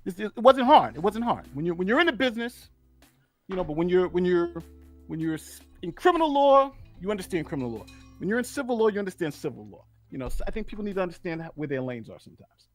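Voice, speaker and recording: High-voiced guy hosting a stream, lively up-and-down delivery, says things twice, gloaty and chatty. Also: quick pace, soft background music. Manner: animated, repeats himself, gloating and chatty. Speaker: host of a legal commentary channel. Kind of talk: casual live-stream commentary.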